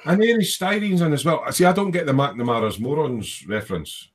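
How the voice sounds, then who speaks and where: His voice fairly high and a touch fast, this livestream host broadcasts casually from his hobby workshop. He laughs readily while reading out viewer comments in a rambling, jokey manner.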